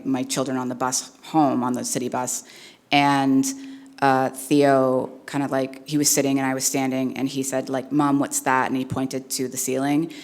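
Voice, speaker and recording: A woman speaker telling a personal story on stage in an earnest, conversational way with many fillers. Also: extremely low pitch. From Canada. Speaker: keynote speaker.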